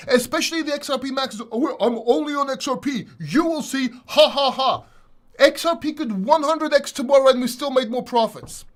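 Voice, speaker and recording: A high-pitched man rants at his livestream viewers, exasperated and swearing freely. He is a crypto host answering questions from the chat. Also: a bit bright.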